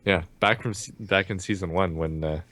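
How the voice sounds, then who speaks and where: A man's voice: sits low, moderate pace, crowd noise. A man co-hosting a casual movie podcast, joking around and dropping into silly voices. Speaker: podcast co-host. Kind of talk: casual chat.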